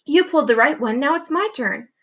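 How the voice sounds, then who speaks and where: A woman's voice: high voice, expressive, brisk, fairly bright tone, highs cut off, pitched above the performer's own voice. A woman voicing a sly talking pigtail that coaxes and whines, in a storybook read-aloud. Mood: wheedling. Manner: coaxing, whining.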